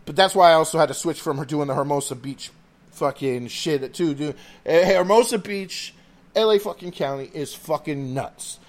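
A man's voice: on the high side, moderate pace. Profane rambling man. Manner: profane, rambling, animated storytelling. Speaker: podcast host. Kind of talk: casual chat.

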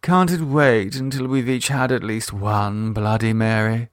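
A man's voice: on the low side, fairly even intonation, unhurried, no room sound, clean studio sound, natural voice. A man voicing a refined older English lady who speaks languidly and genteelly. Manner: languid and genteel, calls people dear.

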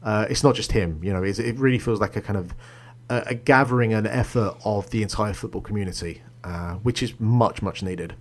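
A man's voice: on the low side, fairly quick. A man co-hosting a podcast in casual chat. He rambles and leans heavily on fillers. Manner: rambling, heavy on fillers like "like" and "you know". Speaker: podcast co-host.

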